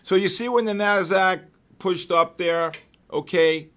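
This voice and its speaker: An older man with a somewhat high voice runs a live trading stream. He talks excitably, breaking off from chart commentary into jokey tangents and sudden loud outbursts. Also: unhurried, clear, resonant tone. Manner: excitable, joking storyteller with loud exclamations. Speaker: trading session host.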